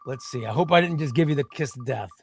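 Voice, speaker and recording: A man hosting a live stream, chatting casually and bursting into loud exclamations before dropping to quiet muttering. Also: mid-range voice, quick pace, faint music behind. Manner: excitable, shouts names then drops to muttering.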